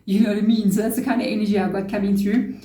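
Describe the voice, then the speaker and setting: A woman's voice: medium pitch, level tone, racing, warm tone, reverberant. A woman giving a casual tarot reading to camera, chatty and relaying spirit messages. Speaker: tarot reader.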